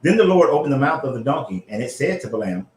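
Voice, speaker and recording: A man hosting a casual commentary show, reading scripture aloud and reacting in an animated, profane way. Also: medium pitch, fast, reverberant. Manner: animated, profane, frequently laughing. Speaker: host.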